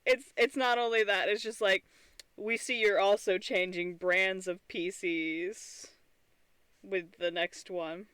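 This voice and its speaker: Tired woman streamer rambling slowly. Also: mid-range voice, steady tone, fairly bright tone, smooth, dry recording. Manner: rambling, self-interrupting, giggly asides. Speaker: streamer and artist. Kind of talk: casual live-stream chat.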